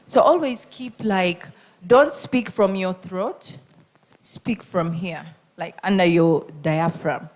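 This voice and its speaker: A woman's voice: lowish voice, takes it slowly. Emphatic woman judging a radio contest. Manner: animated, emphatic, repeats key points, acts out examples. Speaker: radio contest judge and radio host. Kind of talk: spoken feedback to contestants.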